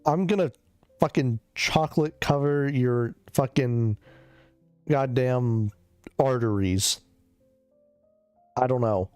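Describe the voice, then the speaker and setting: Feeling sick, a streamer chats casually in a normal mid-range voice, occasionally coughing and veering into loopy tangents with plenty of swearing. He takes it slowly with long pauses, and his tone is clean. The recording is close and dry, with soft background music.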